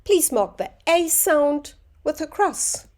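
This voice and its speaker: A woman teaching a phonics lesson to young children, sounding out words slowly and clearly. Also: sits high, animated, darkish tone.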